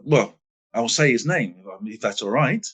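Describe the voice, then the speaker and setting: A man in his sixties from England, a guest in a podcast interview, telling stories with emphatic stress and quiet asides. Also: medium pitch, lively intonation, normal speed, husky. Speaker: guest, former footballer. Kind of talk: animated storytelling in a podcast interview.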